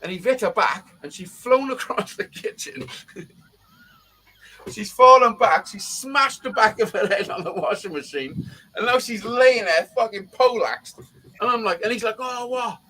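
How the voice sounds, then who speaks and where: A man's voice: high voice, expressive, moderate pace, sharp tone, slightly rough, rough recording. A middle-aged man, telling a rambling story in casual chat and swearing constantly.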